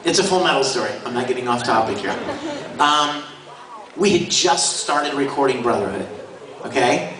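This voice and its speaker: Excited guy storytelling at a con panel, voice jumps all over, echoey hall, caught from far back on a camera. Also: mid-range voice, moderate pace, a faint crowd. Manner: lively, enthusiastic, laughs while telling stories. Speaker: voice actor guest on a convention panel. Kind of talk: animated storytelling to an audience. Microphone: handheld camera in the audience.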